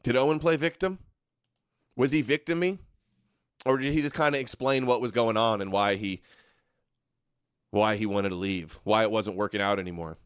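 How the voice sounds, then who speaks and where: A man hosting a show, giving casual live reaction commentary in a sarcastic, mocking way with sudden shouted bursts. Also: on the low side, fairly even intonation, moderate pace, long pauses, clean tone, no room sound, clean studio sound. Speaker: host.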